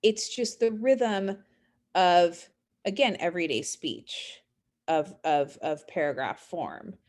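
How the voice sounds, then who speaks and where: A woman teaching a college English class in a recorded lecture. She explains literary terms conversationally, with fillers and check-in questions, and reads poems aloud slowly. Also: on the low side, a little mellow.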